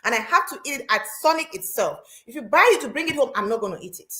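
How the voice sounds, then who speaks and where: Woman hosting, fairly high pitch, lively storyteller who repeats phrases. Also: fast talker. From Cameroon. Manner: animated storytelling, repeats herself. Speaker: host. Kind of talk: casual chat.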